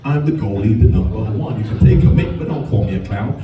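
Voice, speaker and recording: A man's voice: fairly low pitch, lively intonation, a little fast, highs cut off, heavy background noise, pitched below the performer's own voice, lightly acted. A man doing a cocky South African goalie rapping. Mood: boastful. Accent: South African, put on. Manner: cocky rhyming boast. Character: Liverpool goalkeeper, boastful man, mock South African accent. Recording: roomy venue, distant mic, loud music.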